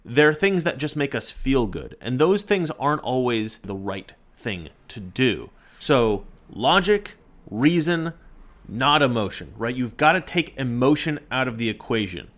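A man's voice: mid-range voice, big pitch swings, a little slow, a bit bright. A man giving an opinionated, argumentative political monologue with emphatic delivery. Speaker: political commentator.

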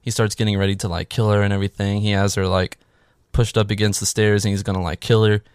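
A man's voice: on the low side, level tone, fast, a little mellow, clean tone, dry recording, clean studio sound. A man giving a casual, sarcastic, profane recap of a film, rambling with lots of filler words. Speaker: movie recap host.

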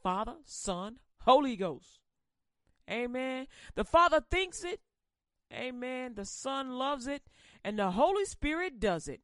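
Playful woman spinning a comic Bible tale, lively and unhurried. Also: high-pitched, no room sound, studio quality. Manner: animated, playful asides. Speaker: comic storyteller. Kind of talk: comedic Bible storytelling. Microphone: close microphone.

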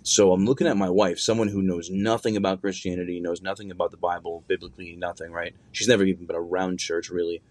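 A man's voice: low-pitched, level tone, fast talker, hardly any pauses, a little mellow. A young man telling a personal story in a loose, conversational way, with plenty of fillers and slang.

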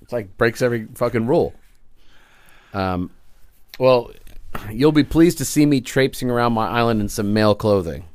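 A man co-hosting a podcast, chatting casually about movies with wry, profane, deadpan jokes. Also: medium pitch, moderate pace, pauses often, no echo. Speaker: podcast co-host.

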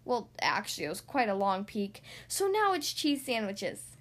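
A woman voicing a lively, chatty young girl in a storybook reading. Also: mid-range voice, normal speed, lightly acted. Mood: brisk. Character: lively helpful older girl.

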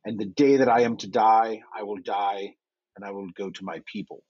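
A man speaking calmly and steadily in character during a tabletop game. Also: fairly low pitch, moderate pace, dull audio. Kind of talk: in-character role-play.

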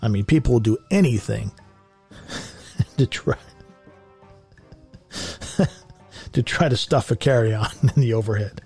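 A man's voice: medium pitch, animated, slow, gravelly, pauses often, darkish tone, husky, soft background music. A man hosting a show, reading news stories and riffing on them sarcastically, laughing often at his own jokes. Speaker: radio show host. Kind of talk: comedic news commentary.

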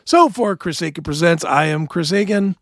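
Gravelly high-voiced man, hoarse. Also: animated, moderate pace, fairly bright tone, no room sound, studio quality. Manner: profane, laughing, joking. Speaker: podcast host. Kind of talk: casual chat.

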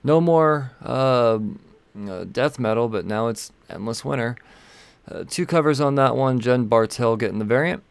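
A man's voice: medium pitch, expressive, normal speed, creaky, clean tone, no echo. A man hosting a comic book podcast on his own, talking loosely and profanely as he rambles through the week's releases between sips of vodka. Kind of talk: casual solo podcast rundown.

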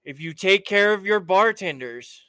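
A man hosting a loose, casual chat who tells long, rambling stories peppered with swearing. His voice is bright, crisp and clean, set a little high for a man. The sound is dry and close. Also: lively intonation, a little slow, no echo. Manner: profane, rambling storyteller.

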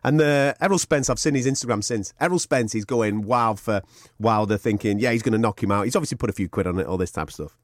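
A man co-hosting a podcast, excitedly retelling events in casual chat, often breaking into shouts and laughter. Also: lowish voice, fast talker, dry recording, clean studio sound. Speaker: podcast co-host.

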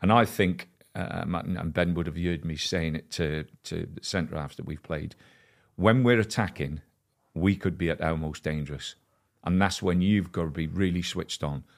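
A man in his sixties, a former football manager, answering questions in a measured, conversational way. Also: low voice, creaky. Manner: measured, frequent "you know" and restarts. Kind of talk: casual interview chat.

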